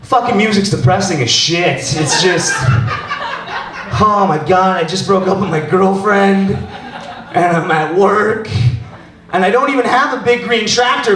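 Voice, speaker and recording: A man's voice: sits high, a bit bright. A man doing crude, rambling, self-deprecating stand-up at an open mic, bantering with the crowd. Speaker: stand-up comedian. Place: small bar open mic with laughing crowd. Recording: roomy, distant club recording with crowd.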